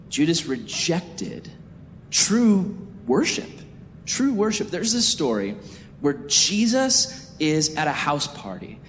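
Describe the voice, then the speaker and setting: A young man giving a youth sermon as a youth pastor, jokey and animated, acting out the people in his stories. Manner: animated, jokey storytelling with acted-out voices. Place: church sanctuary. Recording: echoey hall with faint rumble.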